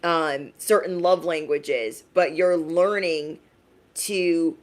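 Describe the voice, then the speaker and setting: A young adult woman giving a casual livestream tarot reading in a frank, emphatic way, often tagging her points with a quick question. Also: low-pitched. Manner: emphatic, frank, tags lines with "okay?". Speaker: tarot reader.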